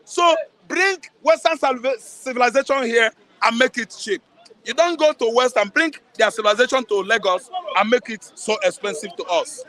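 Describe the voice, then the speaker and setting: Man, very high voice, emphatic repetitive street talk. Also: expressive, normal speed, bright, forceful tone, low-quality recording. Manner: emphatic, repeats himself, plain broken English. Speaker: street interviewee. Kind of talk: street commentary.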